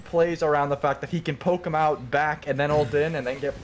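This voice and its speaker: A man's voice: on the high side, fairly even intonation, fairly quick. A man co-casting a video game match, breaking down plays in a matter-of-fact way. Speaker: co-caster. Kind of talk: casual game commentary. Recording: background noise.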